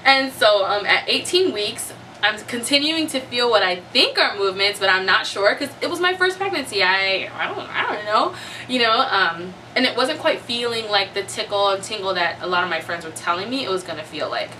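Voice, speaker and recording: A woman's voice: medium pitch, lively intonation, brisk, sharp tone. A young woman chatting casually to camera, laughing often and acting out her own reactions. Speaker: vlogger. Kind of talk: casual chat. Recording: voice a bit far from the mic, faint noise.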